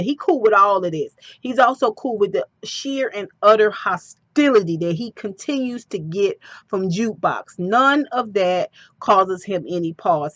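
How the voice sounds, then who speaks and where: A woman giving a casual, animated recap of a TV episode with personal asides. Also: medium pitch, dry recording, lo-fi sound.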